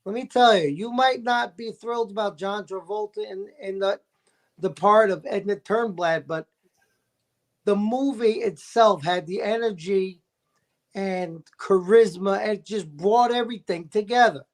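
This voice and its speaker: Enthusiastic high-voiced man telling stories. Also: measured pace. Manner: enthusiastic storyteller with gravelly impressions. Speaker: guest. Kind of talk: casual chat.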